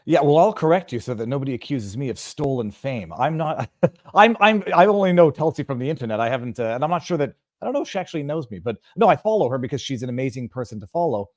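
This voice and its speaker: A man's voice: medium pitch, lively intonation, quick pace, dry recording, clean studio sound. A Canadian man, a guest on a political talk show, speaks emphatically and often repeats the first words of a sentence.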